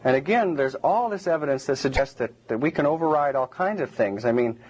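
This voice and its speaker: A man's voice: mid-range voice, lively intonation, a little fast, poor audio. A man giving a public lecture to a live audience, rambling and digressive with many restarts.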